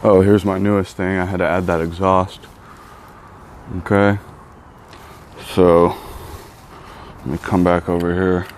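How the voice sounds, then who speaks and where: A man in a casual vlog, talking in a rambling, excitable way and often saying dude. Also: deep voice, unhurried, pauses often, a little hiss or hum. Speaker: vlogger.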